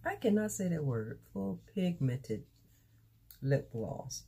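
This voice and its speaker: A woman chatting excitedly in a casual unboxing vlog, recorded on a phone camera, halting with fillers. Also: on the low side, vocal fry, a little hiss or hum. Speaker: beauty vlogger.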